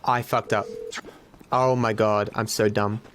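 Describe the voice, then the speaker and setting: A man's voice: on the low side, level tone, unhurried, background noise. An Australian man giving casual livestream gaming commentary, candid and self-deprecating, swearing freely. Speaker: streamer.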